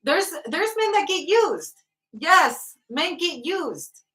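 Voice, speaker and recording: High bright-voiced woman reading tarot. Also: big pitch swings, slow pace. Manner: profane, laughing, blunt. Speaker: tarot reader. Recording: roomy sound from off the mic.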